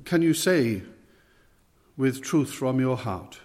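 A male preacher delivers an evening sermon at a slow, deliberate pace. He presses his listeners with direct, earnest questions. His voice rings out with a long hall reverb. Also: mid-range voice, expressive, a little mellow.

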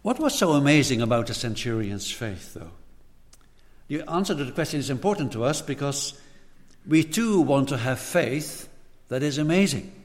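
A man's voice: medium pitch, lively intonation, moderate pace. Earnest male preacher in a reverberant hall. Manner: earnest, repeats words when stressing a point. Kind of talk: sermon.

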